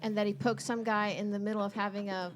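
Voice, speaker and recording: Female live-show host, average pitch, brisk recaps, light background noise. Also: little pitch movement. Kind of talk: hosting a live comedy podcast. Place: comedy club stage.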